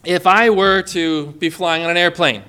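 A man delivers an emphatic sermon in a high, bright voice. He drives his points home and slips into quick voices for the people in his stories. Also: steady tone, clean tone. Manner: emphatic, acts out quoted voices. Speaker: preacher.

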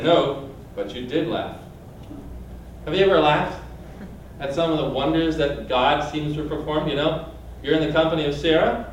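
A man with a slightly high voice preaches and reads scripture aloud, stopping to put questions straight to his listeners. He stands some way off the mic, and his voice rings through a large, very echoey room. A faint hum of room noise sits underneath. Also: distant mic. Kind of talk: sermon.

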